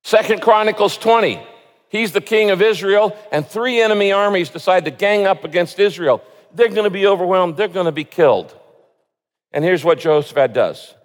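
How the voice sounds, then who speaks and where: A man with a fairly high voice delivers an earnest sermon, reading prayers and scripture with swelling emphasis. His voice carries a long reverb, as if filling a large church hall. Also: moderate pace. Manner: earnest preaching, reads scripture with rising emotional emphasis. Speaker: pastor.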